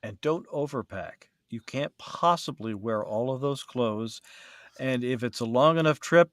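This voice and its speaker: A man's voice: mid-range voice, fairly bright tone, no echo. Male podcast host, chatty and rambling, full of fillers; dry recording. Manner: rambling, with many fillers and restarts. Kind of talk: casual chat.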